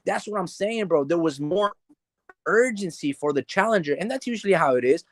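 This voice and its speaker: A man talking casually about a boxing match as a podcast host, animated and loose, filling his talk with "like" and "bro" and acting out the fighters' thoughts. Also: high voice, fairly quick, dry recording, soft background music. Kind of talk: casual boxing analysis chat.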